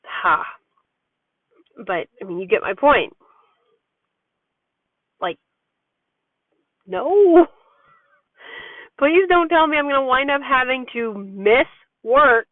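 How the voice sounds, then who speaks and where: A woman's voice: high-pitched, lively intonation, takes it slowly, long pauses, no room sound. A woman talking frankly in a rambling, chatty personal vlog about her life as a parent. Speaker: parent vlogger. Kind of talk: candid personal vlog monologue. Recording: tinny phone-like dry sound.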